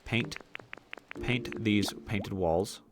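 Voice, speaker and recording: A man's voice: on the low side, drawn-out words, over loud music. Man, game streamer at his home desk; casual, joking, heavy swearing. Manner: rambling, joking, swears often. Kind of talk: casual live-stream gaming chat.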